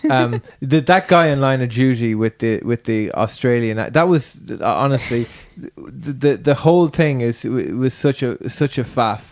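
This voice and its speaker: A man hosts a relaxed podcast conversation in an easygoing chat. He wanders through his thoughts and restarts sentences often. His voice sits at an ordinary middle pitch. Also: normal speed, few pauses. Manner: rambling, many fillers and restarts. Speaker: podcast host. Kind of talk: casual chat.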